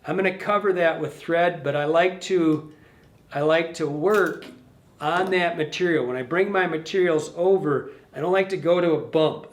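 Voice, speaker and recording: A man's voice: fairly high pitch, reverberant. A man giving a casual hands-on fly tying tutorial, rambling and correcting himself, and talking to the fly as he works. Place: fly shop tying bench.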